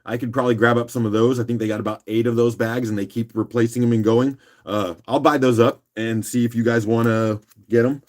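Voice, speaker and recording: Male auction host, rough morning voice, easygoing chatter, mid pitch. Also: fairly quick, hardly any pauses. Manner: relaxed, chatty, clears throat often. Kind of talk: casual live auction chat.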